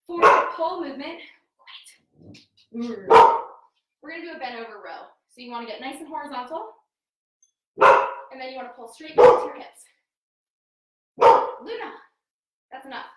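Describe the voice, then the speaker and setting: Exercising at home, a cheerful female fitness coach talks through her moves live, cueing proper form while slightly out of breath. Positioned somewhat away from the mic in a very echoey room, her voice is a touch high and bright, moderately paced with frequent pauses.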